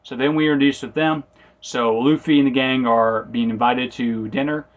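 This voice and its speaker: Male reviewer, mid-pitched, loose and rambling episode recap. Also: fairly even intonation, normal speed. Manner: rambling, self-correcting, acts out quotes. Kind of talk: casual spoken review.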